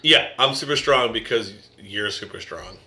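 A man's voice: on the low side, moderate pace, sharp tone. A man who is a drummer, chatting as a guest on a podcast, joking around and bursting into laughter. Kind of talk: casual podcast chat.

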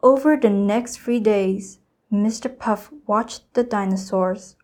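A teenage student girl reading a children's storybook aloud, careful and expressive. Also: mid-range voice, slow pace. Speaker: student reader.

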